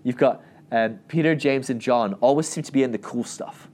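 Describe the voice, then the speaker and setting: A man's voice: medium pitch, moderate pace. A man giving a casual Bible teaching talk, rambling with restarts and acting out the people in the stories. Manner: animated storytelling, acting out quoted voices; rambling with many restarts and asides.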